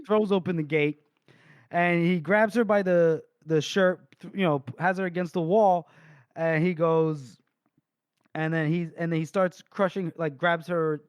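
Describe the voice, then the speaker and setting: A man's voice: sits high, clear, resonant tone, no room sound. A man co-hosting a podcast, casually retelling a book chapter with laughs, swearing and acted-out quotes. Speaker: podcast co-host.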